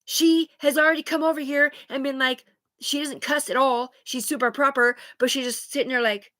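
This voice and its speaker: A woman's voice: high voice, fairly even intonation, moderate pace, sharp tone. A woman talking alone on a live stream in a rambling, profane, agitated way, jumping from thought to thought.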